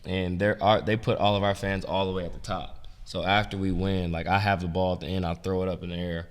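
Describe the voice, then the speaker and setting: A young man, a former college basketball player and coach, telling stories in a relaxed, rambling way, full of "like" and "um". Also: low voice, a little fast. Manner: relaxed, rambling, heavy use of "like" and "um". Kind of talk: casual storytelling interview. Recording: roomy with long reverb.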